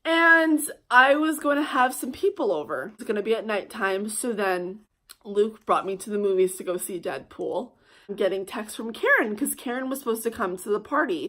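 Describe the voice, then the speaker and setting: A young woman vlogger telling a heated personal story, swearing often and swinging between loud outbursts and hushed asides. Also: mid-range voice, animated, normal speed. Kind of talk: storytime vlog.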